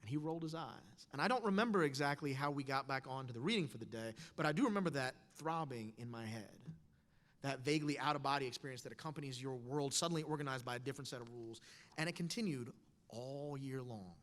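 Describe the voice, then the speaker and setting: A man in his thirties telling a personal story on stage with wry, animated delivery, quoting others in changed voices. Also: mid-range voice, fast. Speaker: speaker. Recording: long hall reverb.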